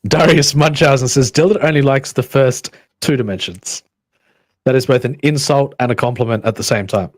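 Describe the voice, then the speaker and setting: A man hosting a livestream, musing in a halting way and reading chat comments aloud. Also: mid-range voice, no echo. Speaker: livestream host.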